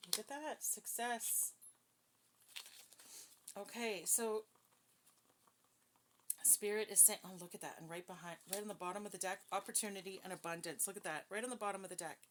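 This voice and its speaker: A woman's voice: medium pitch, fast, a little hiss or hum. Chatty woman giving a card reading. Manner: chatty, self-deprecating, talks straight to viewers with frequent "okay?". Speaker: tarot card reader. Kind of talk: casual spiritual card reading.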